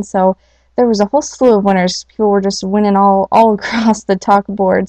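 Gravelly-voiced woman hosting a casual podcast. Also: medium pitch, warm tone, dry recording. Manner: chatty, many fillers, laughs easily. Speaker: podcast host. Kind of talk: casual podcast chat and story reading. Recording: dull lo-fi home recording.

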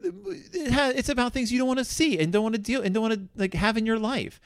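A middle-aged man co-hosting a podcast in casual chat, animated and rambling with many restarts. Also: extremely high pitch, fast talker, smooth, no room sound, clean studio sound. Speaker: podcast co-host.

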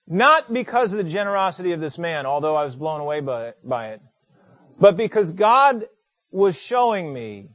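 A man's voice: a little high, big pitch swings, moderate pace, fairly bright tone, dry recording. A middle-aged male pastor preaching a sermon, telling a personal story emphatically with frequent stammered restarts.

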